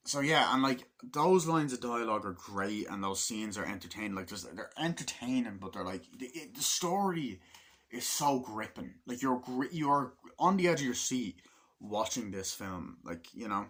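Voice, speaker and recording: A man's voice: mid-range voice, lively intonation, unhurried, a bit bright. A man casually reviewing a film in a rambling, filler-heavy way, swearing often and acting out lines from the movie.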